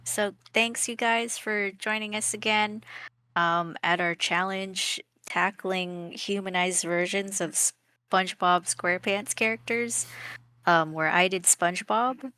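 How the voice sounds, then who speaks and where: A woman's voice: mid-range voice, fairly even intonation, takes it slowly, no room sound. A woman co-hosting a live drawing stream, chatting and giggling casually. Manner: chatty, giggly, warm sign-off. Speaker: co-host of an art stream. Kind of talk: casual chat while drawing.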